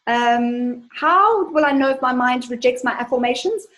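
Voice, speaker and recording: Brief: bubbly woman webinar host, slightly high voice, chatty and enthusiastic, tells stories. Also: expressive, normal speed, a bit bright, a little hiss or hum, rough recording. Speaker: money coach hosting a webinar. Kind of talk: live webinar Q&A, reading out viewer questions.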